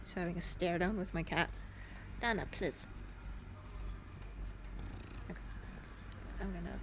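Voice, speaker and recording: A woman's voice: lowish voice, unhurried, long pauses, slight background noise. A woman streamer chatting and joking as she gives casual gameplay commentary. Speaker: let's play streamer.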